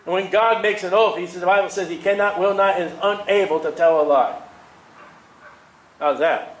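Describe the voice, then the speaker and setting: A man preaching a sermon in an animated way, chuckling at his own asides. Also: fairly high pitch, moderate pace, roomy sound, rough recording.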